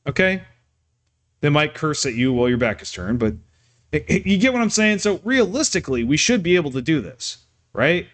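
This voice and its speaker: A man talking off the cuff on his live stream, ranting and yelling at times, with many restarts and fillers. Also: mid-range voice.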